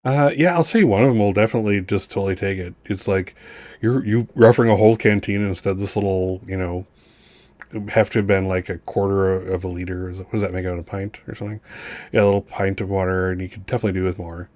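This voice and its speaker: A man narrating as game master of a tabletop game, rambling and halting as he describes scenes. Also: low-pitched, steady tone, a little mellow, dry recording.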